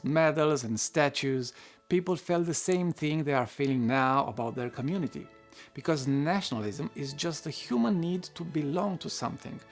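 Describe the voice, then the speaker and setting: Gravelly man narrating an essay. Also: on the high side. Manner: reflective, occasional wry asides.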